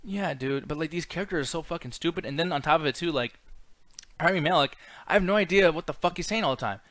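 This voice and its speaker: A man's voice: on the high side, fast talker, a bit bright, no echo. A man co-hosting a casual movie review podcast, ranting in an exasperated, profane way. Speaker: podcast co-host.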